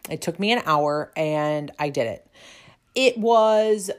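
Woman, fitness instructor, casual storytelling, chatty, self-deprecating, fairly low pitch. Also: normal speed. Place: lives in a cold, snowy city.

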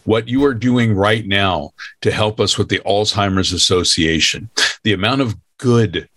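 A man with a fairly low voice speaks earnestly and with open emotion, full of praise for the people around him. The sound is dry and close. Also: a little slow, fairly bright tone, dry recording. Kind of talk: heartfelt panel talk.

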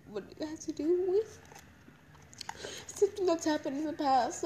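A young woman talks through tears in a personal confessional monologue, her voice high yet mellow in tone. She halts and circles back on her words, pitch rising and falling widely. A faint hiss sits under the recording. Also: poor audio. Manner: halting, emotional, repeats herself. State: crying. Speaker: podcast host.

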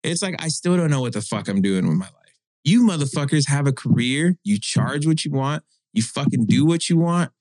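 A man's voice: a little high, animated, fairly quick, a little mellow, no room sound. A man in his thirties, a guest on a casual podcast, talking bluntly and profanely about frustrations at work. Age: 30s. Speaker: guest, tattoo shop counter worker. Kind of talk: casual chat.

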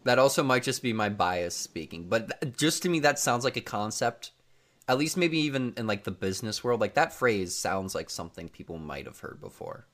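A man's voice: lowish voice, very animated, normal speed, a bit bright. A man hosting a podcast in casual chat, teasing and joking, talking over a video call. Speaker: podcast host.

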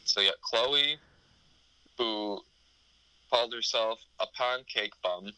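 A man's voice: mid-range voice, sharp tone, clean tone, no room sound, poor audio. A man co-hosting a podcast, chatting crudely and joking with lots of profanity. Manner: profane, joking, riffs with quick laughs. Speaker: podcast co-host. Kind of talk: crude casual chat.

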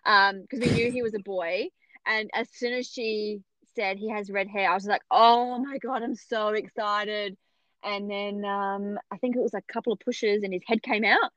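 A woman's voice: mid-range voice, normal speed, no room sound. Chatty woman telling a story. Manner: chatty, animated, acts out others' voices. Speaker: podcast guest telling her birth story. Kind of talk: casual storytelling. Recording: dull, muffled sound.

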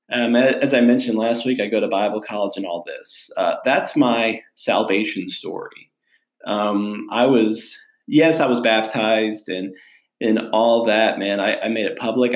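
A young adult man, a pastor and podcast host, casually telling a personal story in a candid, chatty, self-deprecating way. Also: lowish voice. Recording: echoey room.

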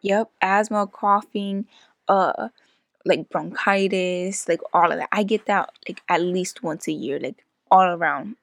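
A young woman co-hosting a podcast, telling stories in casual chat, full of "like"s and animated asides. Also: lowish voice, a little slow, no room sound, clean studio sound. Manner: chatty, animated storytelling with many "like"s. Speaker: podcast co-host.

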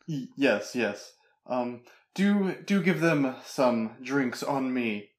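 A man in an improvised comedy scene who talks hesitantly with stammers, then turns loud and bossy. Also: mid-range voice, takes it slowly, roomy sound. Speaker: improv performer.

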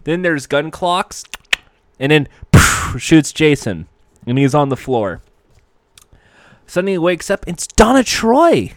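A man's voice: on the high side, animated, a little slow, long pauses, no room sound, clean studio sound. A man giving a sarcastic, profane, rambling comedic recap of a TV episode.

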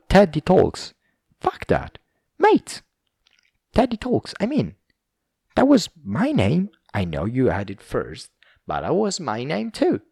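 A man's voice: mid-range voice, creaky, mellow, breathy edge, no echo, studio quality. A man hosting a podcast, ranting in a casual, profane, rambling and self-mocking way. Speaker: podcast host.

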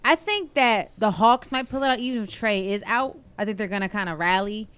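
A woman's voice: medium pitch, a little fast, a bit bright, clear, resonant tone. Woman sports podcast co-host: casual, easygoing, hedges her takes.

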